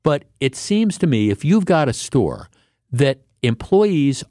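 A man's voice: on the high side, very animated, slow pace, dark tone, dry recording, clean studio sound. A man hosting a talk radio show, delivering a rambling, indignant monologue with frequent restarts.

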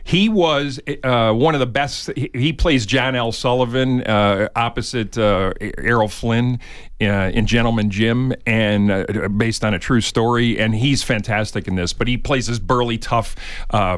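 A man's voice: fairly low pitch, normal speed, no room sound. Rochester-accented radio movie guy. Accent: Rochester, New York. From Rochester, New York. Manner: storytelling, laughs often, says "uh" a lot. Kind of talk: radio talk segment.

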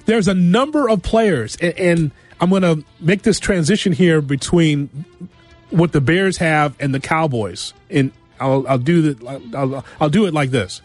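A man hosting a sports talk radio show, giving an animated monologue full of rhetorical questions and repeated phrases. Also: fairly high pitch, measured pace, faint music behind. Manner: animated, rhetorical, repeats himself, acts out quotes.

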